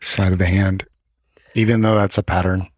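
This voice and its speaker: A man facilitating a workshop, calmly and slowly repeating phrases while leading a tapping session. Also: low voice, no echo.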